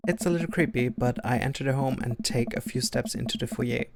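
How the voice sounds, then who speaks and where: A man's voice: mid-range voice, a little fast, vocal fry, slight background noise. A man streaming a game, reading its story aloud in an amused way, often stumbling and correcting himself.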